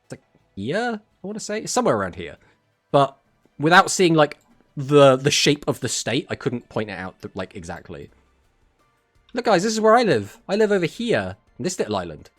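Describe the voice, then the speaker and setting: A man's voice: a little high, big pitch swings, normal speed, soft background music. A man with an English accent, casting a card tournament on a live stream, chatting and joking as he reads out and answers messages from his chat.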